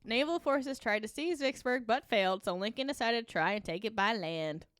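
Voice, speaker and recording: Bright-voiced woman podcast co-host. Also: a little high, normal speed, dry recording, clean studio sound. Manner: laughs often, lively reading. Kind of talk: reading ad copy and history, casual chat.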